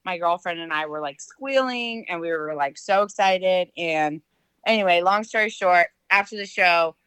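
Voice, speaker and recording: A middle-aged woman telling a personal story in casual chat, full of fillers and lively quoted voices. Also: fairly low pitch, moderate pace, clear, resonant tone, no room sound, low-quality recording. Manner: chatty, filler-heavy, animated quoting.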